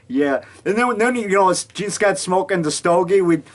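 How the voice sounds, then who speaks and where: A middle-aged man talking casually at home, telling stories with lots of chuckles and acted-out quotes. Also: high voice. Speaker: amateur filmmaker. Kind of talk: casual rambling monologue. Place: home basement.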